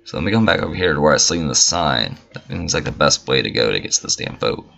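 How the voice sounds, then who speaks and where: A man's voice: extremely low pitch, lively intonation, quick pace, creaky, a bit bright. A man casually commentating a gameplay video, swearing freely and making mock-indignant asides. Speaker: gamer. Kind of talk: casual let's-play commentary.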